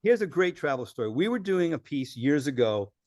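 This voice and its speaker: A man telling lively travel stories as a podcast guest, acting out the people he quotes. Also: on the high side, a little fast, no room sound, clean studio sound. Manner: animated storyteller acting out quoted voices. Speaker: filmmaker guest. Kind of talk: storytelling in a podcast interview.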